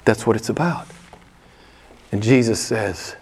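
A man's voice: on the low side, measured pace, slight background noise. A male pastor preaching a sermon, emphatic and repeating his key phrases for weight.

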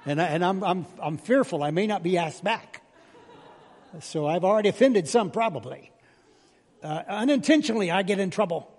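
An older man preaching as a pastor, chatty and self-deprecating, telling folksy jokes in a sermon. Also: high-pitched. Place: church sanctuary. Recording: reverberant church hall.

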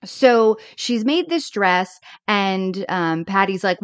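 On a casual podcast she co-hosts, a woman walks through a TV episode with animated energy, voicing the characters' quoted lines herself. She speaks at a medium pitch and slow pace with hardly any pauses, and the recording is dry.

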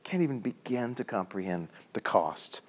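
A middle-aged man preaching a sermon, telling stories and dropping his voice low for emphasis. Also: sing-song, moderate pace. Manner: storytelling with acted quotes and sudden quiet drops. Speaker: pastor.

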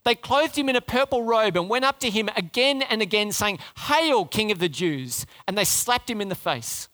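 Bright high-voiced male preacher. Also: fairly quick. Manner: storytelling, rhetorical questions, dramatic drops to low quiet. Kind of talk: sermon.

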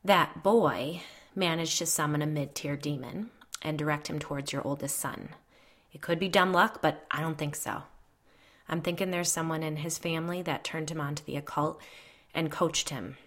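A woman voicing a blunt middle-aged female psychic who speaks gravely and firmly. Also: low voice, normal speed, fairly bright tone. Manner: blunt, commanding.

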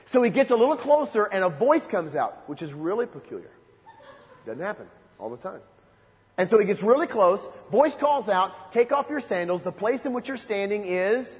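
A man preaching a sermon, emphatic, with rhetorical questions and lists. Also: high-pitched. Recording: long hall reverb.

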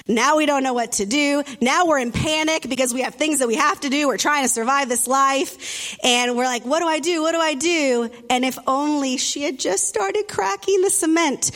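A woman pastor preaches in a high, light voice, telling a story and acting out the people in it. She breaks into quick asides to her listeners and talks to them directly. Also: fairly bright tone. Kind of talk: sermon.

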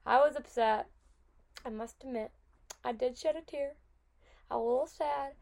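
A young adult woman hosting a podcast, telling stories in a chatty, animated way full of "like" and "oh my God". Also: sits high, normal speed, vocal fry. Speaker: podcast host. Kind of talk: casual storytelling.

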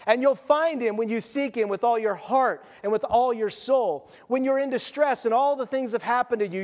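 Male preacher, very high-pitched, chatty and needling, sermon recorded in an echoing sanctuary. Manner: animated, conversational, sarcastic rhetorical questions. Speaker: pastor. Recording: long reverb of a church hall.

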